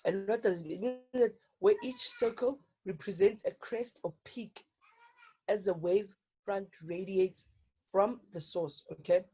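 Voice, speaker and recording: Woman, science teacher, mellow tone, dull lo-fi recording. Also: mid-range voice, unhurried, husky. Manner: checks in with frequent "okay?". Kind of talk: online lesson explaining problems. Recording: dull lo-fi online lesson audio.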